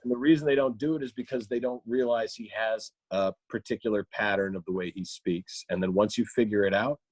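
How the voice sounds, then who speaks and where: A man's voice: fairly low pitch, no echo. A male comedian and voice actor, chatting casually as a podcast guest and breaking into impressions. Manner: animated, slips into quick impressions.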